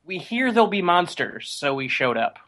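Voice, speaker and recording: A man's voice: high-pitched, big pitch swings, normal speed, pushed and bright, poor audio. A man as a podcast guest, chatting casually and enthusiastically with jokes.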